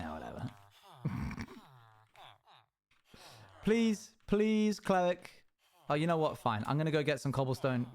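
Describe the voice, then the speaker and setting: A young man streaming a game, chatting casually and playfully with his viewers and laughing often. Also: mid-range voice. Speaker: livestreamer. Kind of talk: casual gaming stream chat.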